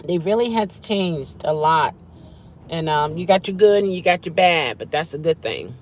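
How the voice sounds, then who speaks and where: A woman's voice: lowish voice, animated, normal speed, a little hiss or hum. A woman vlogging casually from her car, chatting and humming over her food. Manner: chatty, savoring food with hums. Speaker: vlogger and rideshare driver. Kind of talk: casual chat while eating in a car.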